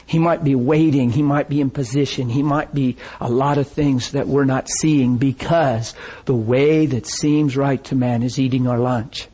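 A man's voice: medium pitch, steady tone, moderate pace, hardly any pauses, dark tone, breathy edge. A man preaching a sermon, telling stories with laughter and quoted voices.

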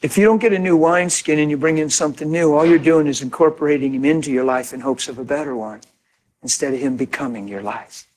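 A man preaching a sermon as pastor, animated and conversational, often laughing and acting out quotes. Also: fairly high pitch, quick pace.

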